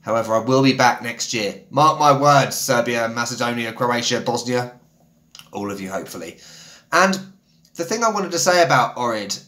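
A man's voice: medium pitch, animated, normal speed, bright, forceful tone. A man vlogging casually on his phone while travelling, upbeat and chatty, with many ums and laughs. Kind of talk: casual travel vlog narration. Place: outdoors and in a restaurant, on the move. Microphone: phone held in hand.

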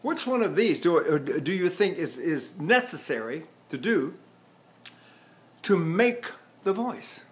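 A man's voice: on the high side, big pitch swings, takes it slowly. A man in his seventies teaching vocal technique, explaining through examples and questions. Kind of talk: vocal technique lesson with sung demonstrations.

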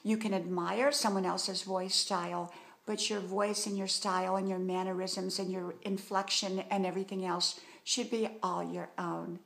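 A woman's voice: mid-range voice, little pitch movement, moderate pace, vocal fry, a bit bright. A middle-aged woman vlogging from home in a casual, encouraging talk to camera. She is chatty and sometimes drops to a whisper.

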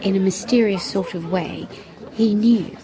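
A woman's voice: medium pitch, crowd noise, lightly acted. An actress playing a reflective young woman in her twenties, a budding writer, in a radio play. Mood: earnest. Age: 20s. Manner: reflective, then brisk and bossy organizing games. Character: Kay, young woman writer, thoughtful and lively.

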